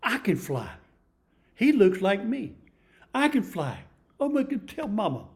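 An older man voicing an excited young eagle raised among chickens, stammering with eagerness in a sermon story. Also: high-pitched, a little slow, full character voice. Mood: amazed.

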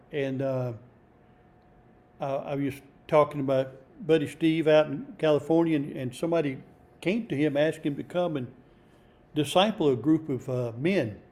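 An older man preaching an informal sermon, halting with many restarts and fillers, and reading scripture aloud. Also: a little high, a little mellow.

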